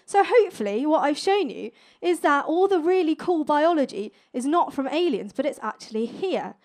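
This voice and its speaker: High-voiced cheeky woman comic. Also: lively intonation, darkish tone. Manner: playful, cheeky, quick with jokes. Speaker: stand-up science comedian. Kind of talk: stand-up comedy set. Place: stage before a live audience.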